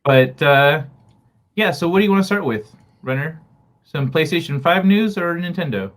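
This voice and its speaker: A man's voice: on the high side, moderate pace, fairly bright tone. A man hosting a live gaming talk stream in a casual, hesitant way, with lots of fillers and questions to his co-hosts. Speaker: host.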